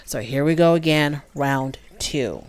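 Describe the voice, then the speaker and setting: A woman's voice: low voice, a little slow, clean tone, dry recording. A woman giving a casual, opinionated recap of a show, chatty and full of fillers. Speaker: show reviewer.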